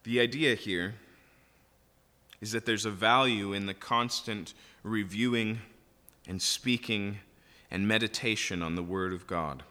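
A man's voice: fairly low pitch, measured pace, bright, forceful tone. Man preaching in an echoing hall. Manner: reads verses aloud, then explains them with rising emphasis. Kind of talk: expository sermon on scripture.

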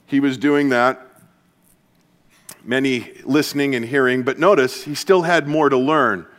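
A man preaching as a pastor to his church, earnest and energetic, dropping to a soft, hushed voice for comforting passages. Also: mid-range voice, measured pace. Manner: earnest, shifts to soft hushed tones when quoting Jesus. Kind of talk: sermon. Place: church service.

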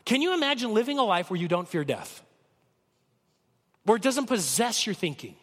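A man preaching a sermon with a cold, talking conversationally and swinging from loud peaks to soft lows. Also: big pitch swings, normal speed, big-room sound. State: has a cold. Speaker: pastor.

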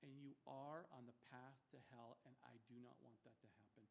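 A middle-aged man preaching a sermon as pastor, emphatic, swinging from loud rhetorical questions to hushed warnings. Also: mid-range voice, fairly even intonation, brisk, vocal fry, slight background noise.

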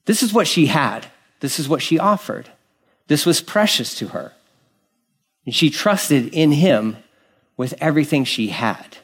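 Animated pastor preaching a sermon. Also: male voice, a little high, unhurried, pauses often, slightly rough. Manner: animated, acts out quoted voices, shifts between loud and hushed.

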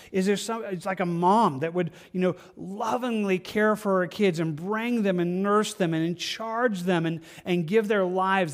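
A man preaching a sermon in an earnest, halting way, often repeating words and restarting, moving between soft and stronger delivery. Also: high voice. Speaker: pastor.

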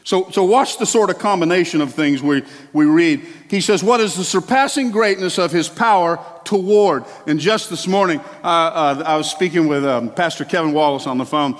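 Pastor guy preaching, pretty high voice, lively w/ little side comments, big reverby church sound. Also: moderate pace, hardly any pauses. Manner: animated preaching with conversational asides and exclamations. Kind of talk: sermon. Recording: long hall reverb.

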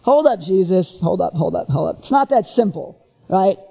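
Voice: mid-range voice, lively intonation, normal speed, gravelly, warm tone, pitched below the performer's own voice. A preacher acting out a defensive lawyer who argues over the rules and pleads to narrow his duties. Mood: protesting. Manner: pleading, hair-splitting.

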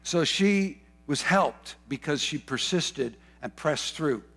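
A man delivering a fervent sermon in a somewhat high voice. He repeats key phrases for emphasis and wanders into asides, correcting himself as he goes. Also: animated, takes it slowly, a bit bright, breathy edge, soft background music. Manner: rambling asides and self-corrections. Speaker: pastor.

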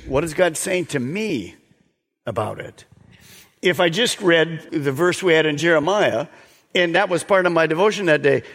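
A man preaching a sermon, earnest and exhorting, sometimes dropping to a soft, slow voice. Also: on the high side, big-room sound. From United States. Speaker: pastor.

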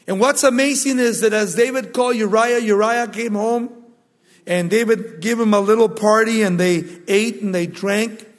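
A man's voice: high-pitched, in a large hall. A man preaching a sermon, retelling a story dramatically and emphatically.

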